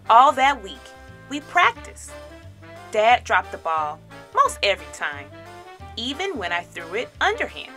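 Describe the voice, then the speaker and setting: A woman reading a children's picture book aloud in an expressive storytelling style, raising her voice for the crowd's chants. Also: fairly high pitch, unhurried, faint music behind. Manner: dramatic, shouts crowd chants.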